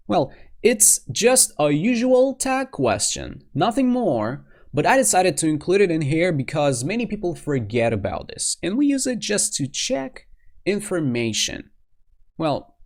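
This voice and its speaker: A male English teacher whose first language is Russian, giving a grammar lesson and acting out short dialogue examples. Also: a little high. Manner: explains clearly, then acts out short dialogue examples.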